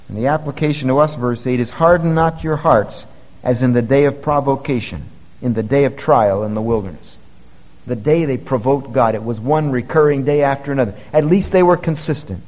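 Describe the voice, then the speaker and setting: A man preaching a sermon as a pastor, earnest and rising to forceful emphasis. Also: mid-range voice, moderate pace. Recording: long reverb of a church hall.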